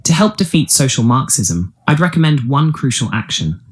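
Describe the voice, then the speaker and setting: Synthetic-sounding male AI assistant, voiced by a man, polite, measured, lively in pitch. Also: natural voice. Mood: explaining. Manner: even, polished, lecturing delivery. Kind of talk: text-to-speech answer played aloud.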